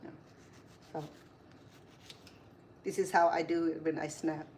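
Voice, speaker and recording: A woman's voice: low voice, level tone, unhurried, a little mellow, a little hiss or hum. A middle-aged woman chef chatting through a casual cooking demonstration, wandering into stories and correcting herself as she goes. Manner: chatty, rambling, corrects herself mid-sentence.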